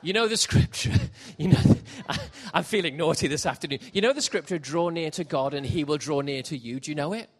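A middle-aged man preaching a sermon, jokey and animated, shifting from quiet asides to loud shouts. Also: a little high, brisk, hardly any pauses. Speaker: pastor. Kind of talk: sermon with comic storytelling. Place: church hall with congregation.

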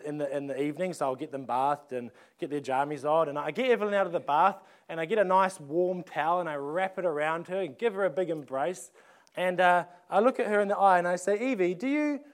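A man, preaching a sermon in a conversational way, often restarting phrases and asking rhetorical questions. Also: fairly high pitch. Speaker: pastor.

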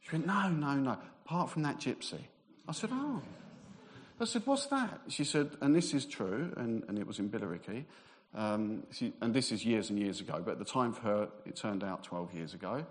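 A man's voice: fairly low pitch, brisk. A man preaching a sermon, telling personal ministry stories in a conversational way. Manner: conversational storytelling, acts out quoted voices. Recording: long reverb of a large hall.

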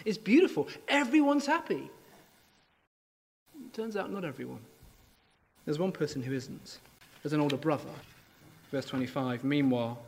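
A man preaches a sermon in a conversational, animated way, voicing the characters when he reads scripture aloud. His voice sits a little high for a man. Long reverb trails behind every phrase.

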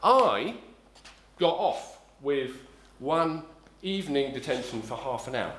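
In a roomy space with slight background noise, a middle-aged man from south-east London preaches, rambling through a personal tale with many ums, restarts and self-corrections. He speaks slowly but animatedly, medium-pitched and fairly bright.

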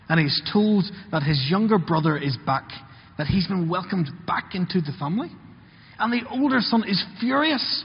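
A man's voice: high voice, expressive, brisk, husky. A man giving an earnest sermon, acting out the words of story characters. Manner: earnest, acts out characters' lines in quotes. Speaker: preacher. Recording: muffled, with long hall reverb.

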